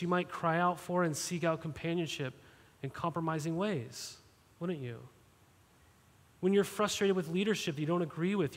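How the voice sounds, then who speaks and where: Guy pastor preaching, kinda high voice, lots of "right?", big echoey church hall. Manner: direct, questioning, repeats "right?" to the congregation. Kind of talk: sermon. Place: church sanctuary. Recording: long hall reverb.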